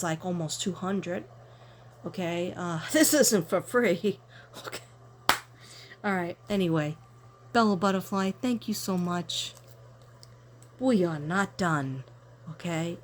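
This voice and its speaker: An older woman chatting casually to her viewers while unboxing gifts, excitable and quick to gasp with delight. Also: fairly low pitch, a little hiss or hum. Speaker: tarot reader and vlogger.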